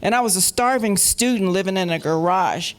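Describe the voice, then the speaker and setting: A woman from Colorado, a panel guest, telling anecdotes in a lively way, laughing often and acting out the voices of the people she quotes. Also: medium pitch, brisk. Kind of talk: anecdotal storytelling. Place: festival panel stage.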